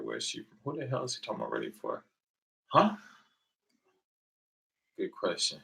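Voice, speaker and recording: A man's voice: on the low side, sharp tone. An American man in his thirties, chatting casually with viewers late at night from home, telling rambling stories and laughing often. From United States. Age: 30s. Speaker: livestream host.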